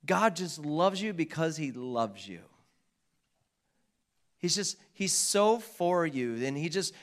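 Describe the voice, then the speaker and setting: Pastor, male, higher-pitched, relaxed conversational sermon with jokes to the room. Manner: conversational preaching with asides and jokes to the congregation. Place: church.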